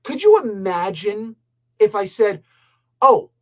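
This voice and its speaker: A man's voice: on the high side, animated, moderate pace. Exasperated man ranting in a casual review. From Canada. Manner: exasperated, rambling, emphatic. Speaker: comic and pop culture reviewer.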